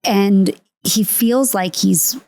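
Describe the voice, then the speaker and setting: A woman's voice: mid-range voice, drawn-out words, darkish tone, no room sound. A woman hosting a podcast, talking reflectively about faith and reading out listener questions. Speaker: podcast host. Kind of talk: casual faith conversation.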